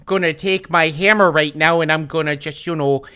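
A man's voice: fairly high pitch, fairly even intonation, moderate pace, bright, forceful tone, clean tone, pitched below the performer's own voice. A man joking around as a folksy, cheerful, hungry version of Thor, talking in gee-whiz phrases during a podcast chat. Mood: folksy cheery.

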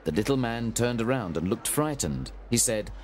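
A man narrating a storybook with a clear, even-paced reading. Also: mid-range voice, normal speed.

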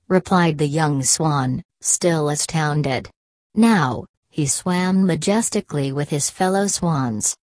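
A woman narrating a fairy tale as scripted storybook narration, in a measured, gentle reading. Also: sits low, no echo.

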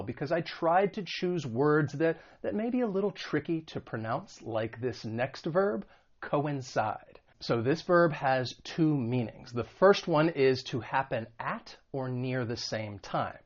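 Careful-speaking American-born English teacher. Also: male voice, medium pitch, highs cut off. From United States. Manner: slow, careful stress on example words. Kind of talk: online vocabulary lesson.

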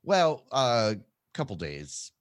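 A man's voice: huge pitch swings, dry recording, studio quality. A man co-hosting a podcast, chatting casually in a rambling, self-deprecating way. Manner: rambling, self-deprecating, quick pitch jumps. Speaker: podcast co-host. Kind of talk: casual chat.

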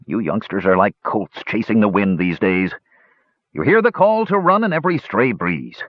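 A man voicing a grumpy, skeptical old male dwarf who speaks in a gruff, scoffing way. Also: lowish voice, sing-song, moderate pace, dry recording. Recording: dull lo-fi recording.

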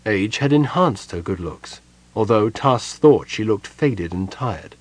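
A man narrating a fantasy audiobook in a steady, even reading voice. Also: on the low side, measured pace, no room sound. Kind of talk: scripted narration.

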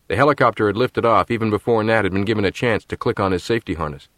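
A man narrating an audiobook in a measured, steady storytelling manner. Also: lowish voice, no echo. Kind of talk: scripted narration.

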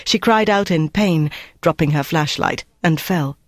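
A man reading a novel aloud in steady, measured scripted narration. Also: a little high, no echo, studio quality. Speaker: audiobook narrator.

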